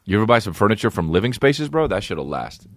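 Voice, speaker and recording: A man's voice: fairly low pitch, quick pace, no room sound, studio quality. A man hosting a podcast who riffs profanely through a casual comedic rant. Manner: profane, animated, riffing.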